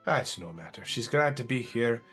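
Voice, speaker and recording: A man's voice: mid-range voice, lively intonation, fairly quick, fairly bright tone, slightly rough, faint music behind. A man playing a tabletop game, describing his character in a playful, theatrical way that corrects itself as it goes. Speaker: player.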